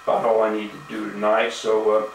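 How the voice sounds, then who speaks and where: A man's voice: lowish voice, monotone, brisk, vocal fry, a little hiss or hum. A man delivering an angry, profane video-blog rant, full of indignation and "you know" fillers. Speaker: video blogger. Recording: echoey room, mic at a distance.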